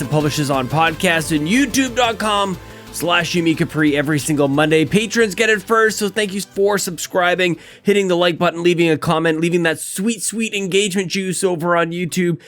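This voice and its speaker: A podcast host who is sick and short of breath, his voice on the higher side for a man. He rambles cheerfully and pokes fun at himself. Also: normal speed, a bit bright, faint music behind. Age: adult, married. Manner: rambling, self-deprecating, upbeat. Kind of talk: casual podcast chat.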